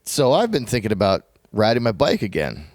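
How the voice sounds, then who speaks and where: A man's voice: on the low side, huge pitch swings, fairly quick, darkish tone, no echo, studio quality. A man co-hosting a casual podcast chat, laughing often and rambling with restarts and fillers. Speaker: podcast co-host.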